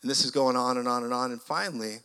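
A man preaching an energetic sermon as a guest preacher, moving between loud exclamations and hushed storytelling. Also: medium pitch, quick pace, clear, resonant tone. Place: church sanctuary. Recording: long church hall reverb.

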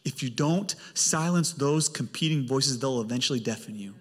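A male pastor preaching a sermon with emphatic delivery and big swings in pitch. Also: moderate pace, breathy edge. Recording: long hall reverb.

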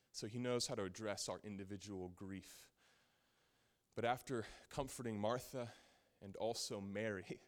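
A man preaching a sermon, telling a Bible story in a casual, animated way and often saying "like". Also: fairly low pitch.

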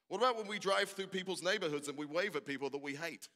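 A man's voice: on the high side, expressive, fast talker, hardly any pauses, sharp tone. A man preaching a sermon, building with rhetorical questions and repeated refrains. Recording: long hall reverb.

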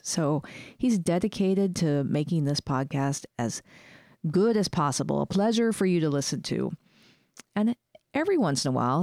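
A woman's voice: low voice, mellow, no echo, clean studio sound. A woman hosting a library podcast in a casual, chatty way, laughing easily. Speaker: podcast host. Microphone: studio microphone.

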